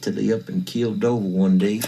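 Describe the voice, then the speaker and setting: A man's voice: fairly low pitch, steady tone, brisk, gravelly, warm tone, a little hiss or hum. An actor playing a pompous, flamboyant male plantation owner with a drawl, in a film. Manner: smug, drawling, theatrical.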